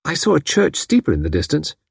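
A man's voice: fairly high pitch, huge pitch swings, fast talker, gravelly, husky, dry recording, studio quality, voice pushed up, full character voice. A man reading aloud, voicing a polite, curious lady who hesitates as she explains herself. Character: polite, curious middle-aged lady visitor.

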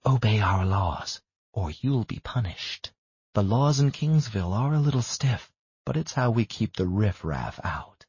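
Male narrator doing a creepy, raspy woman clerk, low and gruff, menacing lectures, dry dull audiobook sound. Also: expressive, a little slow, a little mellow, no echo, heavily acted. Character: eerie red-haired woman receptionist, unhinged, preachy.

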